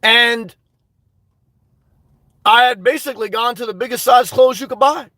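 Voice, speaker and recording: A man with a very high voice talks straight into a laptop mic on a home livestream. He is animated and swears freely, and he breaks into loud outbursts. The sound is dry and close. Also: a little slow, no echo. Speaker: livestream host. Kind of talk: casual livestream monologue.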